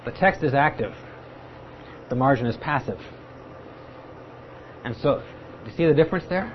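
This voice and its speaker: Leading a Bible study, a man with a mid-range voice, lively intonation, and normal speed explains patiently, now and then voicing the people he quotes. The lo-fi recording sounds dull, with faint ambience and slight hiss or hum.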